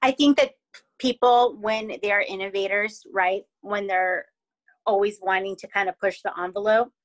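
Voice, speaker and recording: A woman's voice: mid-range voice, steady tone, moderate pace, no room sound, low-quality recording. A young woman co-hosting a casual podcast, talking bluntly and swearing freely. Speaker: podcast co-host. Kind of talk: casual chat.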